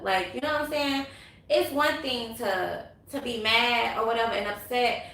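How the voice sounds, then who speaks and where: A young woman, telling a story to her viewers in a casual, animated vlog. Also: fairly high pitch, vocal fry. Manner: animated, chatty, quick asides to viewers. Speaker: vlogger. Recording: echoey room.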